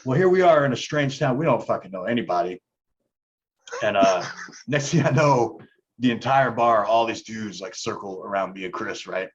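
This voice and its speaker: A man's voice: lowish voice, lively intonation, moderate pace. Guy rambling thru a bar story, swearing, chuckling, kinda muffled audio. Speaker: guest. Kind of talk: casual chat.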